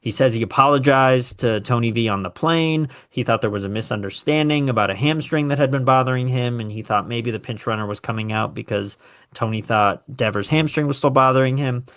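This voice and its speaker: Man, sports talk host, animated, opinionated, sarcastic. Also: medium pitch. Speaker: podcast host.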